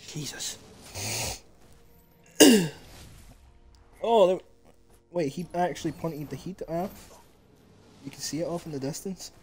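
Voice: medium pitch, takes it slowly, pauses often. A streamer giving casual commentary while browsing a game's moves, laughing often and swearing freely.

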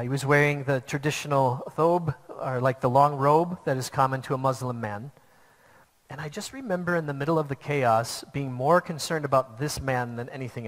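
A pastor with a medium-pitched, slightly bright male voice preaches to his church, telling a personal story in an earnest, plain manner. The recording has a long hall reverb.

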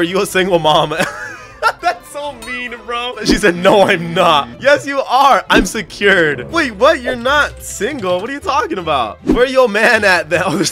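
A man narrates and reacts through a roleplay game session with a very high, bright voice. He is excitable, breaks into laughter often and yells out his reactions. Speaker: gaming channel host. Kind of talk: gameplay commentary with roleplay.

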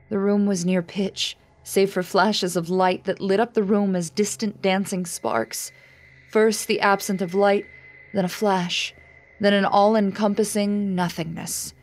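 A woman giving a scripted horror story narration in a dramatic, measured storytelling manner. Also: medium pitch. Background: faint music.

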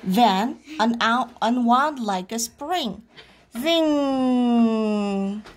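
A woman reading a children's picture book aloud in a playful, animated way. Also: medium pitch, takes it slowly, a little hiss or hum. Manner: animated, playful sound effects. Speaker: storyteller.

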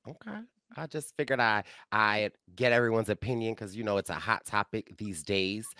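A man's voice: on the low side, moderate pace, pushed and bright, clear, resonant tone, no room sound, studio quality. A man hosting a casual podcast chat, hyped and playful with lots of slang. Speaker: podcast host.

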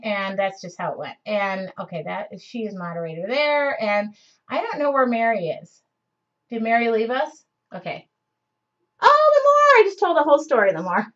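A woman in her forties hosting a live craft show, chatting casually and rambling with many fillers. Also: on the high side. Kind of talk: casual live-stream chat. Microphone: computer mic on a live stream. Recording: dull lo-fi live-stream audio.

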